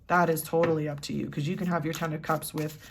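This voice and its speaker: A woman's voice: low-pitched, little pitch movement, quick pace, background noise. A woman doing a casual tarot reading, chatty and giggly, with lots of "like". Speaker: tarot reader.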